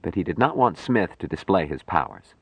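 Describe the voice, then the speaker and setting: Deep-voiced male audiobook narrator. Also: big pitch swings, a little fast, vocal fry, husky, no echo. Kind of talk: scripted narration.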